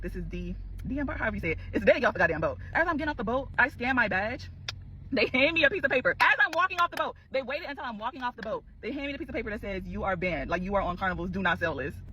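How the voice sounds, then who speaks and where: Fast, animated woman telling a storytime. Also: fairly high pitch, slight background noise, rough recording. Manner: animated, exclaiming, talks to viewers as y'all.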